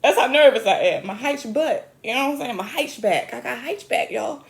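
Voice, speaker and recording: Animated woman comic, roomy echo. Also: brisk, gravelly. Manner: animated, chatty, self-mocking with sudden high squeals. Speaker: comedian host. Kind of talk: comic storytelling monologue.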